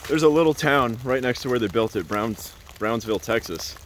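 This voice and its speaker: A man at an ordinary pitch tells a loose, rambling story in a casual vlog. He keeps reaching for "like" and "uh" and laughs often as he talks. A faint hum of noise sits behind him. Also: lively intonation, brisk. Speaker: vlogger.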